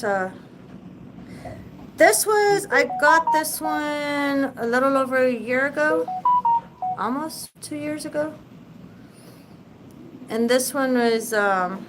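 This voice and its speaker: A woman's voice: high-pitched, a bit bright, slight background noise, poor audio. Rambling, casual woman livestreaming. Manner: rambling, loose, swears freely. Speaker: livestream host; mother. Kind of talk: casual live chat.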